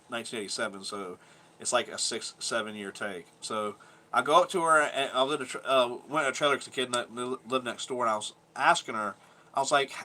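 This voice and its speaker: In a laid-back vlog, a thirty-something vlogger from Georgia, US, recounts a rambling, profane childhood story with occasional laughter. He has a mid-range voice with a bright, forceful tone.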